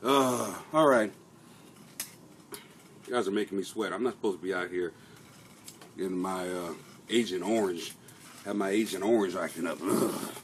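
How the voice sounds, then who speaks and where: With a low voice, a moderate pace and long pauses, a middle-aged man rambles through casual live-stream chat on his own comedy podcast. He records in his home basement, swearing and making fun of himself. A little hiss or hum can be heard.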